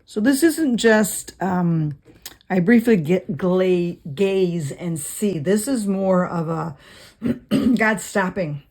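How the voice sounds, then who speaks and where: A woman's voice: on the low side, expressive, darkish tone. A woman leading a casual Bible study, reading verses aloud and thinking through word meanings with frequent fillers. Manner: unhurried with frequent fillers and restarts.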